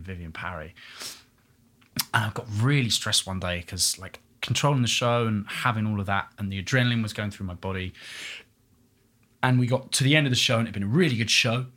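Bright-voiced man, animated conversational storyteller. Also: fairly low pitch. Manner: animated storyteller, acts out quotes. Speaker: musical theatre actor. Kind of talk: casual chat.

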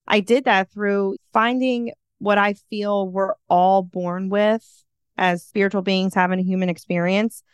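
A woman's voice: medium pitch, fairly even intonation, unhurried, clear, resonant tone, dry recording, studio quality. A woman guest who works as a coach, speaking earnestly and reflectively in a casual interview. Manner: earnest, reflective talk about spirituality.

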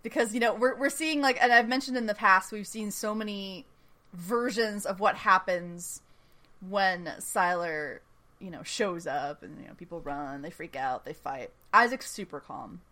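Bright-toned woman host, loose and chatty, gushing through an episode recap. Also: medium pitch, normal speed. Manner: chatty and enthusiastic, often laughing, filler-heavy. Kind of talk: casual chat.

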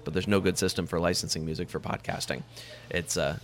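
Deep-voiced man chatting casually. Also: fairly even intonation, quick pace, slight background noise. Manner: rambling, many fillers and restarts, laughs easily. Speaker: podcast host, guest on another show. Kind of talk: casual interview chat.

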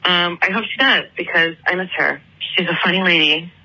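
Calling in with a voicemail, a twenty-something Atlanta woman talks fairly quickly, her lowish voice sharp in tone. She tells her story casually, leaning hard on "like" and fillers. The audio quality is poor.

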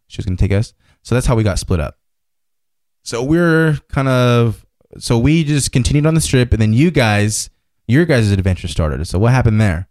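This is a young man who hosts a casual chat with his friends. His voice sits at an ordinary pitch and is recorded dry and close. He keeps things easygoing, laughs often and steers the story along. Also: lively intonation, moderate pace, a little mellow, no room sound.

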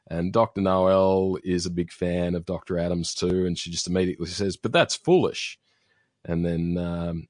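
A man's voice: low-pitched, a little mellow, no echo, studio quality. A man casually recapping a TV episode as a podcast host, rambling with fillers and restarts. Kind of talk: casual chat.

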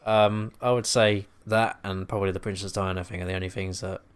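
A man's voice: low voice, level tone, a little fast, clean tone. A man co-hosting a podcast, chatting in an easygoing way and chuckling often. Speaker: podcast co-host. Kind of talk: casual chat.

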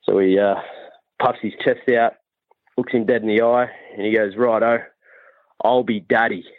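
A man's voice: fairly low pitch, steady tone, moderate pace, no room sound. Australian man telling a joke by phone. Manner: storytelling, sweary. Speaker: caller. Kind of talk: joke told on a voicemail. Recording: tinny dry phone line.

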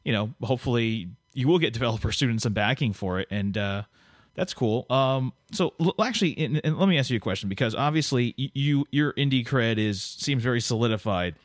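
A man's voice: medium pitch, animated, brisk, no room sound, studio quality. A man hosting a podcast, chatting casually and jokily with a guest, full of fillers and restarts. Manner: rambling, jokey, many restarts and fillers. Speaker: podcast host. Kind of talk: casual interview chat.

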